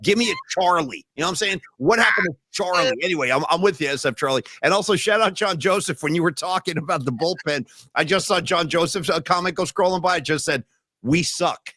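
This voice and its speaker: A man's voice: a little high, quick pace, no room sound. A man hosting a sports talk show in casual banter, telling stories and tossing in "dude" and "bro.". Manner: excitable storyteller, drops "dude" and "bro". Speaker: podcast host.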